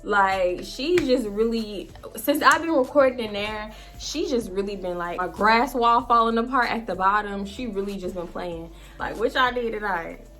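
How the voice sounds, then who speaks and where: A young woman vlogger chats at home with her viewers about her life, telling animated stories and swearing often. Her mid-range voice moves at a moderate pace with few pauses, recorded indoors on a phone camera with soft music in the background.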